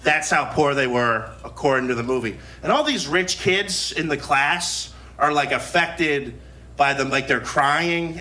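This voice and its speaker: A man's voice: a little high, measured pace, pushed and bright, slight background noise. A man in his twenties from Newark doing a loose, laughing stand-up set with playful swearing. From Newark, New Jersey. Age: 20s. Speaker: stand-up comedian. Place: live comedy venue.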